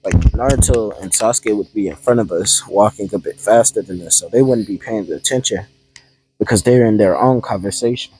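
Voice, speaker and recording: A man's voice: fairly low pitch, brisk, a little mellow, husky, low-quality recording. A man casually improvising a fan-fiction story, rambling and hesitant with many ums and restarts.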